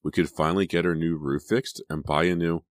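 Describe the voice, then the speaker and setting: A man with a very deep voice voicing a bold, scheming teenage girl who talks in a pushy, eager way, raising his pitch for her. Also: fairly even intonation, brisk, no room sound, lightly acted. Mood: urging.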